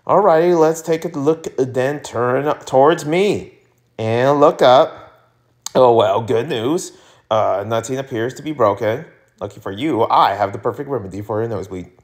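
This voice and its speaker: A man's voice: mid-range voice, a little slow, natural voice. A man voicing a cheerful, unflappable school nurse in a webtoon reading, with a breezy, matter-of-fact bedside manner.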